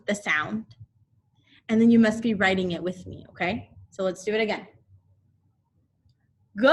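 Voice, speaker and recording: A woman teaching a recorded phonics lesson to second graders, repeating letter sounds slowly so the children can echo her, with frequent encouraging check-ins. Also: mid-range voice. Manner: encouraging, checks in often with "okay?".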